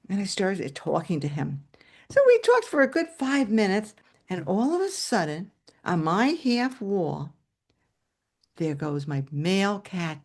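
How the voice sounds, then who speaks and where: A woman telling a story to an audience over a video call, acting out the scenes as she goes. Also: mid-range voice. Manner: animated, acts out scenes with shouted quotes.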